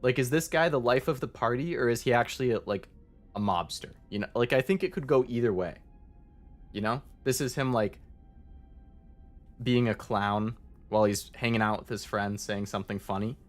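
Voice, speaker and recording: A man's voice: mid-range voice, normal speed, soft background music. A man streaming as a VTuber, chatting casually and rambling as he answers his chat, with many fillers.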